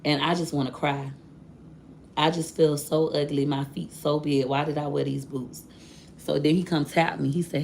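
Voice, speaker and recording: A woman's voice: low-pitched, level tone, normal speed, gravelly, a little mellow, a little hiss or hum. A woman vlogger telling viewers a personal story in a candid, chatty way, addressing them directly.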